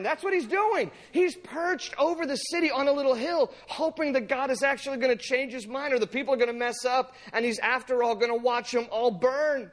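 A male pastor preaching a sermon in an animated, playful way, acting out the scripture as he goes. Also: very high voice, fairly quick, few pauses.

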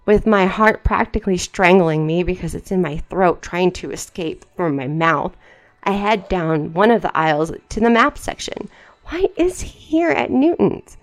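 A woman's voice: fairly low pitch, moderate pace. A woman hosting a podcast, reading fan fiction aloud in a dramatic voice and breaking off for wry, mocking asides. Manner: wry, mocking asides between read passages. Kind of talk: dramatic reading with sarcastic commentary.

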